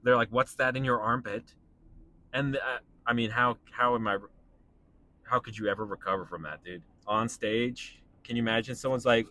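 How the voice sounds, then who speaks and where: A young man with a bright, forward tone rants in his car, incredulous and animated, with his voice jumping up as he acts out other people. He talks in a loose, casual way, full of fillers and exclamations. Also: mid-range voice, normal speed. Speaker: stand-up comedian vlogging. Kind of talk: casual rant while driving.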